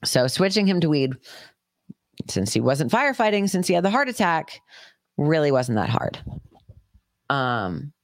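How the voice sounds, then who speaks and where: A woman's voice: sits low, very animated, unhurried, pauses often, no echo, clean studio sound. A woman podcast host telling a personal story in a casual, swearing, chatty way. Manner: profane, chatty, acts out quoted voices.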